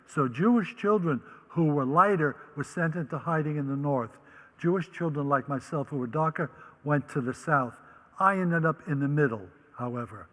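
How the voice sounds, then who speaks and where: A man's voice: a little high, fairly bright tone, long reverb tail, low-quality recording. An older man from the Netherlands, a Holocaust survivor, telling his life story vividly and acting out the voices he quotes. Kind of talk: personal storytelling talk.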